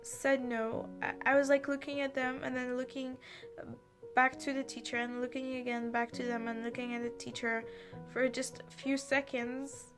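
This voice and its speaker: A young woman tells an emotional personal story in a high, halting voice, stopping and restarting as she gets upset. She sounds close to tears throughout. Soft music plays faintly in the background. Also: flat delivery. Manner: halting, many fillers and restarts, anxious. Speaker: vlogger.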